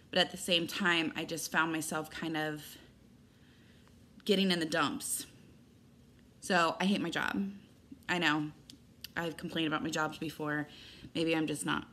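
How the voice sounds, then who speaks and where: A woman's voice: sits low, pushed and bright, a little hiss or hum. A woman vlogging from home in a casual chatty way, rambling with lots of fillers and restarts. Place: indoors at home.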